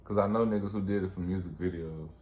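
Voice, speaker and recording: A man's voice: low voice, fairly even intonation, fast talker, crowd noise. A man hosting a reaction video, laid-back, slangy and profane. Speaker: reaction channel host. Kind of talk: casual reaction chat. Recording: roomy.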